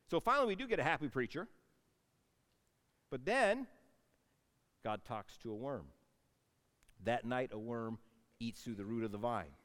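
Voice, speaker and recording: A man preaching a sermon, telling a Bible story with animated swings between loud outbursts and hushed asides. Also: mid-range voice, normal speed, pauses often, big-room sound. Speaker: pastor.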